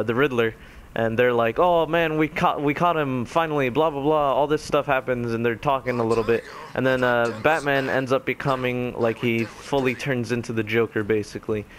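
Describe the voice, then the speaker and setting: A young man casually retelling a video game ending, rambling with many fillers and quickly mimicking the characters' lines. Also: medium pitch, slight background noise. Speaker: gaming commentator. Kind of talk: casual spoken game recap.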